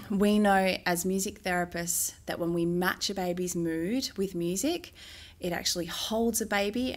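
A middle-aged woman, a music therapist, answering interview questions in a gentle, measured way with frequent "um" pauses. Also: on the low side, gravelly.

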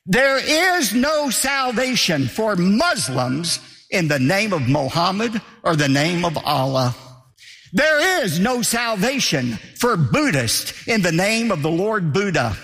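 Emphatic high-voiced pastor preaching. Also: male voice, fairly bright tone, slightly rough, big-room sound. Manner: emphatic, repeating key phrases for stress. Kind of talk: sermon.

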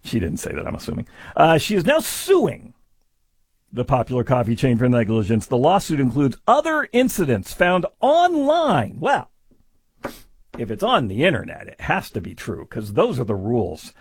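A man giving sarcastic commentary on a news story, mocking and full of deadpan asides. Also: medium pitch, moderate pace, breathy edge, no echo, studio quality.

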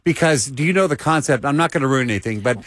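A man being interviewed on a radio show, telling stories in a lively way and often repeating words as he starts a sentence. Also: medium pitch, quick pace, dry recording. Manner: animated storyteller, repeats words when starting. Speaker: show host. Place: radio studio.

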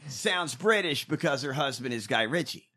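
A man co-hosting a comedy podcast, talking in a loud, profane, ranting way. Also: mid-range voice, lively intonation, moderate pace. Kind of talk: casual profane comedic chat.

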